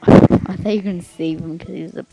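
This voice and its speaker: Excitable woman narrating her gameplay. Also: lowish voice, racing, gravelly, dry recording, dull audio, faint music behind. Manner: excitable, jumps from hushed mutters to loud outbursts. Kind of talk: casual game commentary.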